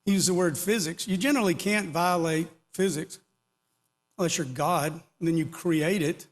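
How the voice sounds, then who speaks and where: A man's voice: on the high side, moderate pace. A middle-aged or older man giving a casual, rambling technical talk to an audience, with joking asides. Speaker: conference speaker. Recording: long hall reverb.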